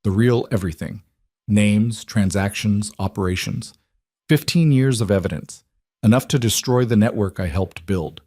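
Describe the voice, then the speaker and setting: A man's voice: on the low side, moderate pace, darkish tone, no echo, clean studio sound. A man voicing a remorseful father's farewell letter, earnest and confessional.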